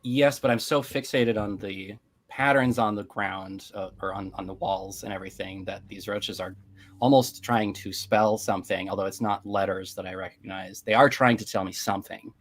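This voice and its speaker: A man playing a tabletop horror game, describing in halting, restarting speech what his character stares at. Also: lowish voice. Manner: halting, fixated, with frequent restarts. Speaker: player.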